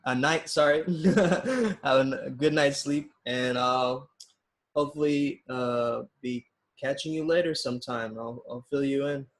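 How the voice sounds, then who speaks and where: A man's voice: medium pitch, measured pace. A man hosting a casual podcast interview, upbeat and affirming, laughing easily. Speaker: podcast host.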